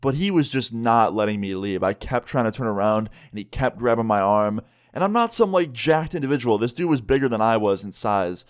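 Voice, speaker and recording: A man's voice: medium pitch, animated, a little fast, smooth. A man in his twenties telling a story on a vlog in a casual way, using lots of fillers. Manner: casual storyteller, heavy use of "like". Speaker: vlogger.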